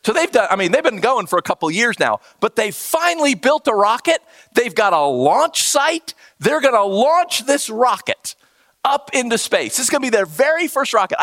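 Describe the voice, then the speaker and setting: A pastor delivers a sermon, telling stories with lots of energy and acting out the voices of the characters. His voice is high-pitched, and there's no echo.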